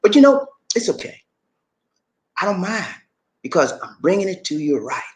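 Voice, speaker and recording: A man giving a casual vlog monologue as a YouTube creator, animated and preachy, who keeps calling the viewer "man". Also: high voice, normal speed.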